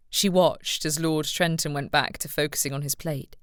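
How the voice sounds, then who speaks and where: A woman narrating an audiobook in an even, measured reading. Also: low-pitched, smooth, no echo, studio quality. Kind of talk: scripted narration.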